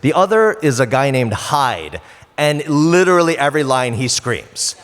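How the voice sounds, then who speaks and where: A man voice actor shares a wry anecdote on a convention stage. He sits at a middling pitch but moves it around a lot. A long reverb from the big hall follows every phrase. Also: sing-song, moderate pace, a bit bright. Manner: wry, demonstrative storyteller. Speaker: voice actor panelist. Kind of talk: casual convention panel chat.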